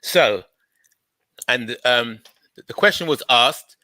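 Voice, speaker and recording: Hesitant male speaker, very slow delivery, bright tense voice. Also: medium pitch, animated, no room sound. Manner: halting, many fillers and restarts. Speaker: debate participant. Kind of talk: hesitant explanation.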